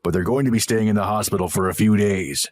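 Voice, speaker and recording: A man voicing a stern older father who calmly and firmly reproaches his son. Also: on the low side, faint music behind, close to an everyday voice. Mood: grave. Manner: firm, measured and reproachful.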